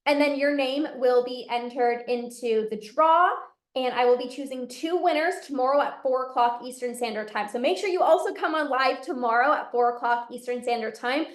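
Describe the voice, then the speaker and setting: A woman's voice: high-pitched, normal speed, roomy sound. A woman, a binge eating coach, giving an emphatic motivational talk to a live audience and repeating her key phrases.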